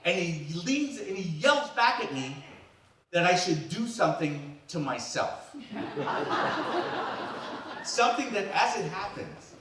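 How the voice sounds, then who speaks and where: Guy from new york doing a funny story monologue, voice jumps all over, fairly high, sounds far off in a really echoey hall. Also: slow, long pauses, background noise. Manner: animated, playful, acts out the people in his stories. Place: event hall. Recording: echoey hall, distant mic.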